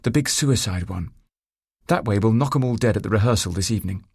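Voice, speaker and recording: A man's voice: fairly low pitch, a little fast, creaky, a little mellow, slightly rough, no room sound, studio quality. A man voicing a bold, forthright young woman who acts in amateur theatre. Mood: brash.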